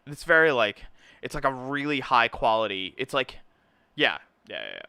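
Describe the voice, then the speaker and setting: Lively, bright-voiced man telling a story. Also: medium pitch, normal speed, clean tone, no room sound. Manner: animated storyteller, says "right?" and "dude" a lot. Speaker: co-host. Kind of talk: casual chat.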